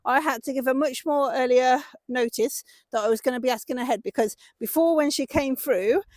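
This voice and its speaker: A woman's voice: high-pitched, a little fast, a little mellow, no room sound. A woman hosting her own vlog, chatting casually and encouraging her horse as she works it outdoors. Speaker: horse owner and channel host. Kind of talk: casual vlog narration while working a horse.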